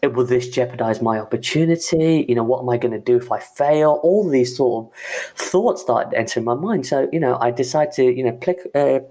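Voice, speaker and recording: A man with a gravelly, creaky voice shares a personal workplace story. He is an IT manager, and he talks haltingly, leaning on "you know" and "um" between thoughts. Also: medium pitch, dark tone.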